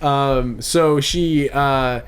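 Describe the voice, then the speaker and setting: A man's voice: medium pitch, fairly even intonation, extremely slow, clean tone. Young male co-host, loose rambling storyteller, laughs through his lines, average voice. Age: 20s. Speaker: podcast co-host. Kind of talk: casual chat.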